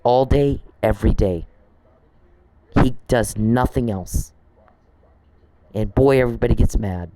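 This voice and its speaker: A man's voice: mid-range voice, a little slow, pauses often, mellow, slight background noise, low-quality recording. A man on a podcast, delivering an angry, profane monologue aimed straight at one person he scolds. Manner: indignant, profane, scolding someone directly.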